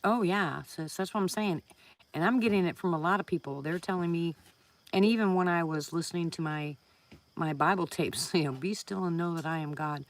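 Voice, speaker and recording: A woman's voice: lowish voice, brisk. A woman hosting a casual live stream from home, chatting with viewers, greeting them by name and laughing often.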